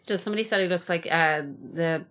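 A woman's voice: lowish voice, quick pace, a bit bright. A young adult woman co-hosting a casual podcast chat, opinionated and swearing freely, with hesitant fillers. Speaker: podcast co-host.

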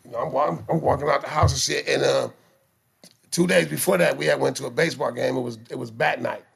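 A man telling street stories in casual chat, with profane slang, animated delivery and stammering restarts. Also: mid-range voice, fast talker, vocal fry, breathy edge. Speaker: guest telling life stories.

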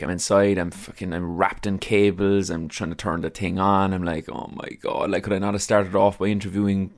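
A man with an Irish accent, hosting a podcast in a chatty, self-deprecating way and swearing freely. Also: low-pitched. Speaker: podcast host. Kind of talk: casual podcast intro and interview.

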